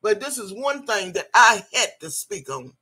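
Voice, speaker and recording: An older woman delivers a heated rant straight at someone she disapproves of. Her voice is sharp and forceful, and she curses freely and repeats phrases over and over to drive her points home. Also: mid-range voice, big pitch swings, normal speed, breathy edge. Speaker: video blogger. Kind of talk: ranting commentary.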